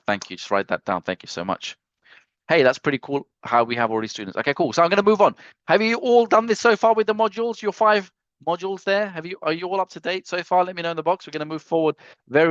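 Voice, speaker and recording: A man hosting a live software training webinar over a video call, reading chat comments aloud, teasing and joking between walkthrough steps. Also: a little high, no echo. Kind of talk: casual live screen-share tutorial. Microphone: computer mic on a video call. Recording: dry, slightly dull video-call audio.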